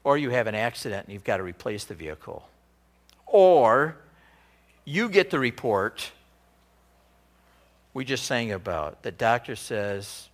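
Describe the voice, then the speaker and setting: A male pastor preaching a sermon in an animated, conversational way. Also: medium pitch, unhurried, pauses often.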